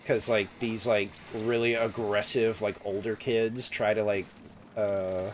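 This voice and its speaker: A man's voice: fairly low pitch, flat delivery, unhurried, slight background noise. A man streaming a game, chatting in a rambling way with lots of fillers and laughs. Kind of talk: casual chat while gaming.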